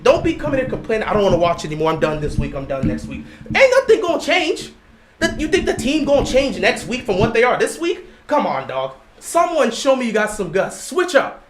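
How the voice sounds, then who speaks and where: A man hosting a livestream, calling a football game live and lecturing his chat in an animated way. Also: very high-pitched. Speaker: livestream host. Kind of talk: live game watch-along commentary. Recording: roomy echo.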